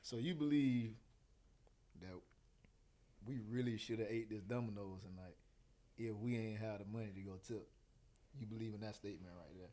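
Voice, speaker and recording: A man's voice: lowish voice, moderate pace, long pauses, warm tone. A young man co-hosting a casual podcast, laid-back and asking teasing questions. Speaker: podcast co-host.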